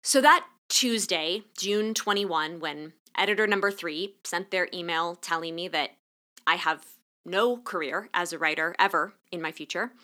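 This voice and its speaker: A woman's voice: on the low side, unhurried, sharp tone. A woman podcast host in her thirties telling a painful personal story in an earnest, pointed monologue.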